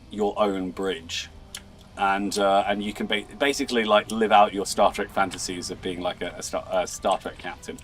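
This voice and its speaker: A man hosts a game livestream in a goofy, playful way. His voice sits fairly low but swings widely up and down. He trips over and repeats his words and breaks into laughter. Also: a little hiss or hum. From England. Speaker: livestream host. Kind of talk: casual gaming livestream chat.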